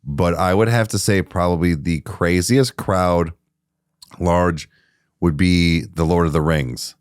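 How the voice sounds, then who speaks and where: A young man co-hosting a casual podcast, an animated storyteller who swears freely. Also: sits low, slow pace, dry recording, clean studio sound. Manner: animated storyteller, swears freely, acts out his own outbursts. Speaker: podcast co-host. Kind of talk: casual chat.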